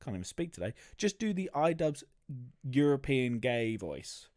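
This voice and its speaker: A man co-hosting a podcast, chatting casually with crude jokes and quick interjections. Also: mid-range voice, big pitch swings, a little mellow, no echo, studio quality. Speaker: podcast co-host. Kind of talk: casual chat.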